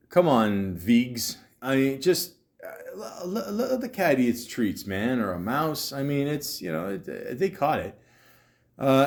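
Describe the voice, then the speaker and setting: Rambling Canadian podcast guy, self-mocking. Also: mid-range voice. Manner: rambling, self-mocking asides with frequent swearing. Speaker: podcast host. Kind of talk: casual commentary reading a list aloud.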